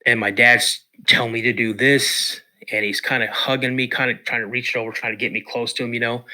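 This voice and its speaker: A man from the Pacific Northwest of the US, a podcast guest telling a personal story in an emotional, halting way. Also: medium pitch, little pitch movement, sharp tone. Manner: emotional, halting retelling with restarts.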